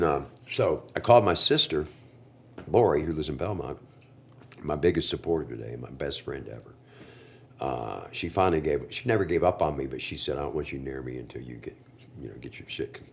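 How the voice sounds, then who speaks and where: A man's voice: very deep voice, animated, fast, vocal fry, a little mellow. A man telling his recovery story as a podcast guest, candid and emotional, full of slang like bro and dude.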